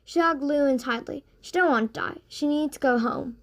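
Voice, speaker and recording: A woman narrating a children's audiobook in an expressive read-aloud manner. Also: high-pitched, moderate pace.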